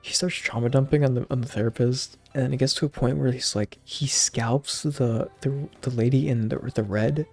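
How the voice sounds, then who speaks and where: A man's voice: mid-range voice, fairly even intonation, moderate pace, gravelly, hardly any pauses, a little mellow, dry recording, soft background music. A young man casually recapping a movie, rambling with lots of slang and fillers. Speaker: channel host.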